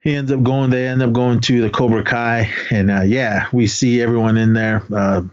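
A podcast co-host recaps films in casual chat, his medium-pitched voice flat and at normal speed on a muffled recording. He rambles and hesitates, packing in fillers and acting out quoted lines from the movies.

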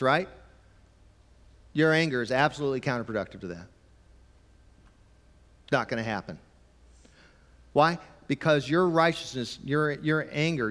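A man preaching a conversational sermon, sometimes emphatic and sometimes dropping to a quiet, low voice. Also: big-room sound. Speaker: pastor.

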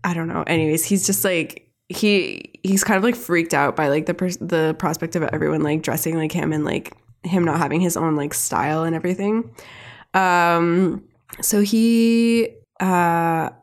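Young woman podcast co-host, slightly low voice, filler-heavy casual chat. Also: moderate pace. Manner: heavy use of "like" fillers, chatty and animated. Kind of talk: casual chat retelling a cartoon episode.

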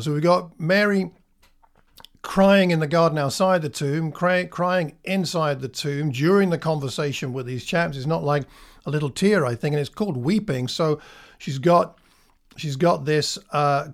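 A man delivers a sermon in a calm, conversational tone. His voice sits a little higher than most men's. He talks it through thoughtfully, with the odd filler, and lingers on the lines he wants to land. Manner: reflective, conversational, with frequent fillers and slow emphatic pauses. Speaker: preacher.

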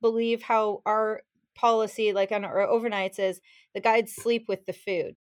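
A woman's voice: medium pitch, moderate pace. A woman fishing guide telling a story in a casual chat, acting out what people said and laughing as she goes. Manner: animated, acts out quotes, laughs while telling. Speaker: fishing guide, podcast guest.

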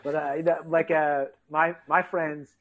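A man telling childhood stories in casual chat, acting out quotes with loud outbursts and frequent swearing. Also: a little high, a little slow, rough recording. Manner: animated storytelling, acts out quotes loudly; swears freely.

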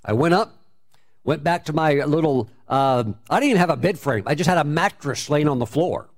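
A man's voice: a little high, expressive, moderate pace. A man telling a personal testimony in a conversational way, with many fillers and restarts.

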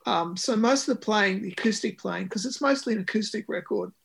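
A man's voice: high-pitched, brisk, gravelly, fairly bright tone, a little hiss or hum. A man, a musician talking about his record in an interview, with many ums and restarts. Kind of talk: conversational interview.

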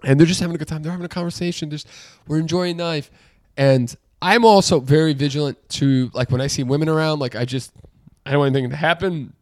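Male podcast co-host in casual banter, slightly high voice, dry sound, rants and swears when riled. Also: quick pace, no echo. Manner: ranting, swears a lot, gets loud and high when worked up. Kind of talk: casual chat.

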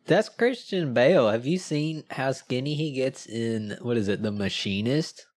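A man's voice: medium pitch, lively intonation, normal speed, darkish tone, dry recording, studio quality. A man co-hosting a podcast, talking enthusiastically about a film with lots of fillers. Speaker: podcast co-host. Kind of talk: casual movie review chat.

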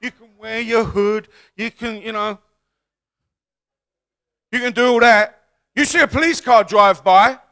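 Man, pastor, sermon, high voice, bright tone, call-and-response, rising to shouts. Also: measured pace, pauses often.

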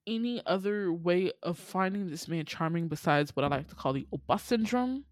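A woman casually recapping a dating show on a podcast, animated, laughing and playfully exasperated as she tells it. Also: on the low side, moderate pace, hardly any pauses, dry recording. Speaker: podcast host.

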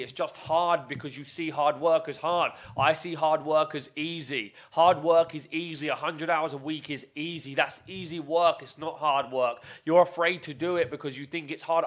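A fired-up man with a bright, forceful voice and a slightly raised pitch preaches self-motivation on his podcast. He swears constantly and hammers the same phrases again and again, moving between loud outbursts and quieter, low emphatic lines. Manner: intense, swearing, repetitive exhortations. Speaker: podcast host. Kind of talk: motivational monologue.

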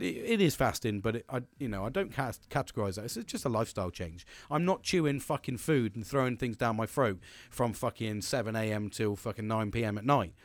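Energetic swearing podcast host. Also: male voice, medium pitch, no room sound. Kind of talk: solo motivational podcast monologue.

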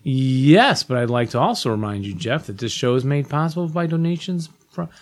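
Upbeat chatty male podcast co-host, mid pitch. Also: lively intonation, moderate pace. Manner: upbeat, chatty, reads letters aloud. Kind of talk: casual chat.

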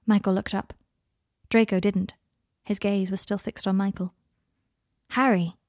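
A woman narrating a fan fiction audiobook in an even, measured way. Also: medium pitch, no echo, clean studio sound.

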